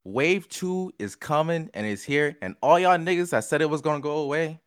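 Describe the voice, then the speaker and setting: A man's voice: on the high side, moderate pace, smooth. A young man hosting a podcast in casual, profane, hyped-up banter. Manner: loud, profane, hype. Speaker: podcast host.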